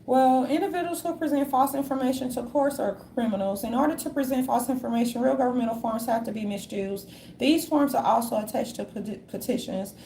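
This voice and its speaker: A woman in a casual monologue, reading from notes in a sassy manner and calling listeners darlings, with a gravelly voice. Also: high-pitched, brisk, dark tone, a little hiss or hum.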